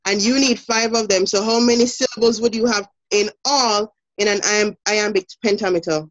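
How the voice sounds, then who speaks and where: A woman teacher with a Jamaican accent giving an online lesson, brisk and encouraging, laughing often. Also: medium pitch, fairly even intonation, low-quality recording.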